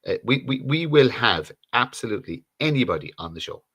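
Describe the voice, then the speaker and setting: A man's voice: mid-range voice, sing-song, brisk, fairly bright tone, slightly rough. A middle-aged Irish man co-hosting a live stream chat, blunt and profane, restarting his sentences as he talks. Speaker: co-host.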